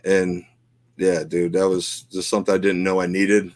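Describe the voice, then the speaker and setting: Middle-aged male podcast co-host, low voice, dry close sound, earnest and rambling delivery. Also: flat delivery, normal speed, dry recording. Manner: emotional, heartfelt, rambling with many fillers. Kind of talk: casual chat.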